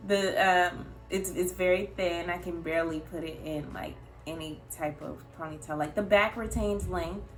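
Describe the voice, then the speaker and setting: A young woman speaking in a candid personal vlog. She is earnest and emotional, talking haltingly with frequent fillers and nervous laughs. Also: on the low side, fairly even intonation. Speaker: vlogger.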